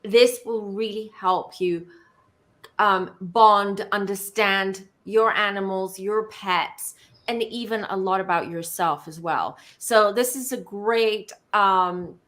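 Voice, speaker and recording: A woman's voice: mid-range voice, takes it slowly, a bit bright. A woman hosting a livestream, thanking her guest and pointing viewers to booking details. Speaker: livestream host. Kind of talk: livestream host wrap-up. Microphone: video call.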